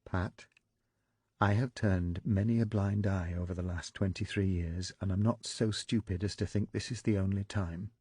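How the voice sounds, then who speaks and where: A man's voice: deep voice, fairly even intonation, moderate pace, warm tone, husky, dry recording, clean studio sound. A man reading the part of a proud, hurt middle-aged wife who speaks with controlled, clipped fury. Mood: cold fury.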